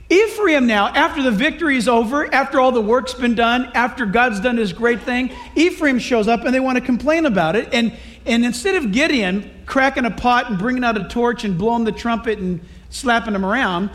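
Very high-voiced male preacher. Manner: lively, conversational, humorous preaching. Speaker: pastor. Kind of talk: sermon.

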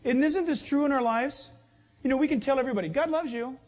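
A man preaching a sermon, animated and acting out little dialogues. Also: extremely high pitch, fast talker. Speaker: pastor. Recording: dull lo-fi sound.

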